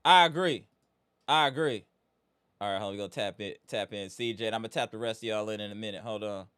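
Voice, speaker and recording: Man, live stream host, shouting out chat names, smooth tone. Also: on the low side, quick pace. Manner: hype, greets chat by name, frustrated. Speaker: livestream host.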